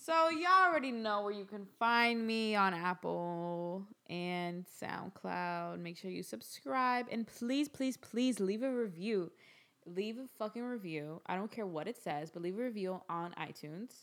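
Bright-voiced brash young woman host. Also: mid-range voice, unhurried. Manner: brash, swears freely, animated. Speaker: podcast host. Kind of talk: casual chat.

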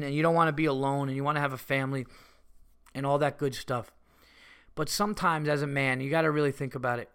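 A man hosting a podcast, telling rambling stories in casual chat. He swears often and gets loud and excitable. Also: mid-range voice, clean tone. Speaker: podcast host and comedian. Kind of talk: casual storytelling monologue.

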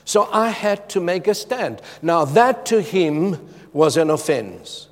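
A middle-aged man preaching a sermon with a personal testimony, emphatic and moving between loud urgency and hushed tones. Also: fairly high pitch, sing-song, slow pace. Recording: long reverb of a large hall.

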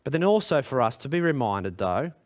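A man's voice: sing-song, brisk. Man, pastor, sermon, earnest, questioning the congregation. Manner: earnest, direct questions to the congregation, pitch rising when emphatic. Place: church hall.

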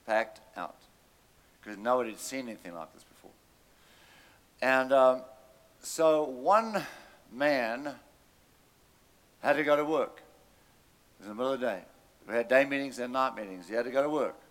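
A man's voice: medium pitch, animated, moderate pace, pauses often, a bit bright. A man preaching a sermon, telling a story animatedly and calling out to his congregation.

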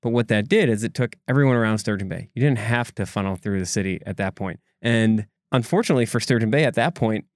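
A fairly low-pitched man speaks fast with hardly any pauses on a studio-quality recording free of echo. He's co-hosting a podcast, telling a local story in an informal, conversational manner that's full of asides and restarts.

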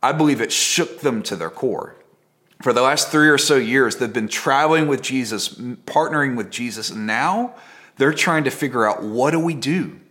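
A man preaching a sermon as a pastor, telling the story in a conversational, dramatic way and dropping to a hush at key moments. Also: mid-range voice, normal speed. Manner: conversational and dramatic, with repeated phrases.

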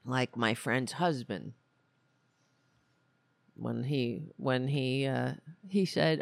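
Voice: medium pitch, drawn-out words, gravelly, pauses often, dry recording. A podcast host giving blunt, rambling political commentary, full of restarts. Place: lives in Queens, New York.

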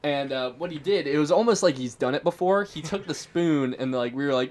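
A man's voice: on the high side, brisk, a little mellow. A teenage boy co-hosting a casual podcast, telling stories in a rambling way and laughing mid-sentence. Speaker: podcast co-host. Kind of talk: casual chat.

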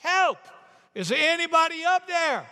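A man's voice: extremely high pitch, big pitch swings, unhurried, pushed and bright, in a large hall, voice pushed up, exaggerated voice. A man doing a screaming, panicked tourist. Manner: frantic, screaming pleas. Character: panicked male tourist dangling from a cliff.

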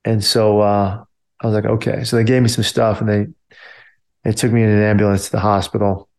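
A man's voice: lowish voice, flat delivery, fairly quick, a little mellow. A man and army veteran telling a story casually, filling his talk with "like" and "you know". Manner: loose, filler-heavy talk with many "like" and "you know".

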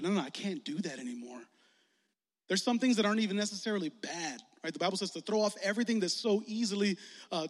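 A young man preaching as a youth pastor in a casual, animated way, acting out quoted voices as he leads an altar call. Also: high-pitched. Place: large hall with audience. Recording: long hall reverb.

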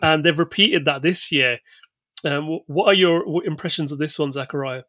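A man's voice: a little high, normal speed, sharp tone, no room sound, studio quality. Man, enthusiastic casual chat. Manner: enthusiastic, filler-heavy. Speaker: co-host.

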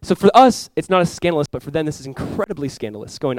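A young man preaching a sermon at a quick clip, his voice sitting a little high for a man. He talks in a loose, animated way, scattering "like" through his lines. The sound is close and dry. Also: no room sound. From South Florida. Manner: fast, casual and animated, full of "like" asides. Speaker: pastor.

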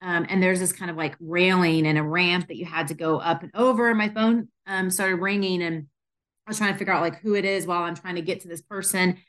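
A woman's voice: on the low side, a little fast. A woman hosting a casual staff chat, telling funny work stories with lots of laughter and fillers. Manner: animated, laughing often, many fillers. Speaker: physical therapy clinic owner hosting staff podcast.

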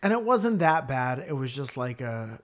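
A man's voice: medium pitch, sing-song, moderate pace. A man co-hosting a casual chat, laid-back and jokey, with easy casual swearing.

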